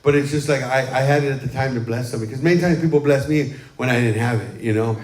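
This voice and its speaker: A fast-talking man with a mid-range voice preaches as a pastor, telling casual stories to his congregation and often adding "amen." His sermon is chatty and warm, full of "um" and "amen," livestreamed from a church sanctuary with a roomy sound.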